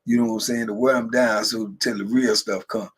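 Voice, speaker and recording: Pitched on the low side, his voice is steady and brisk with a breathy edge. The man is hosting a livestream, chatting casually with his live audience through laughing, loosely told stories peppered with asides and responses to viewer comments.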